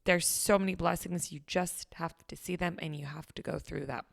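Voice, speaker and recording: A young woman hosting a motivational podcast, chatting in a bubbly, excitable way with lots of pep and playful asides. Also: lowish voice, normal speed, gravelly, no echo, clean studio sound. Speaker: podcast host. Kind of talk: upbeat motivational podcast chat.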